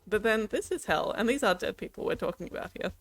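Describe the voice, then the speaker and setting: A woman's voice: medium pitch, lively intonation, fast talker. A woman, a gaming streamer, reading a game's narration aloud in a playful way.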